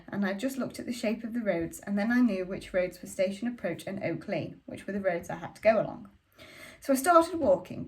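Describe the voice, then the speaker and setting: A woman reads a novel aloud in the first person. Her delivery is careful and measured, and she slows down deliberately on numbers and addresses. Her voice sits at a middle pitch for a woman. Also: a little mellow. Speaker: audiobook reader.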